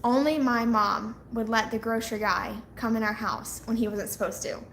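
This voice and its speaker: A woman's voice: fairly high pitch, steady tone, moderate pace, fairly bright tone. Chatty woman, roomy echo. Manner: chatty, laughs often while telling stories. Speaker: vlogger on a live hangout. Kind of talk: casual chat with viewers. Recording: echoey room with faint noise.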